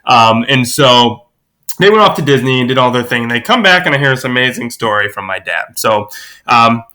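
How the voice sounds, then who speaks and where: A man guest on a podcast, telling a family anecdote in a lively, animated way. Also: brisk. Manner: lively storyteller, acts out quoted voices with big pitch jumps.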